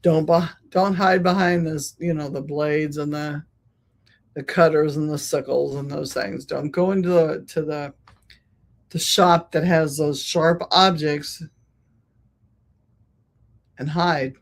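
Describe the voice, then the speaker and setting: A podcast host who works as a spiritual healer talks through a reflective monologue. The delivery is unhurried, with each thought laid out slowly. Key words and phrases are repeated for emphasis. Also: mid-range voice, steady tone. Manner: slow, repetitive, emphatic phrasing.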